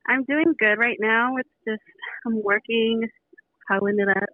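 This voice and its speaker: A woman's voice: fairly high pitch, measured pace. A woman in her twenties from San Jose, a caller gushing and giggling as a fan over the phone. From San Jose, California. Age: 20s. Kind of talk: phone call chat. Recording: tinny dry phone line.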